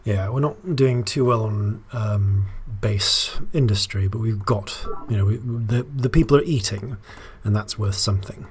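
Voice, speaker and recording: A man's voice: lowish voice, measured pace, few pauses, a little hiss or hum. A man hosting a let's play, thinking aloud in casual commentary with wry asides and frequent fillers.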